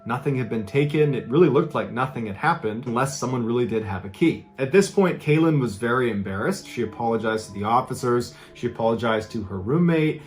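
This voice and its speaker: A man at an ordinary mid pitch narrates a true story as a podcast host. He keeps it conversational and dramatic, as if recounting it to a friend. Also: animated, fairly quick, few pauses. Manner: conversational, dramatic retelling with quoted voices.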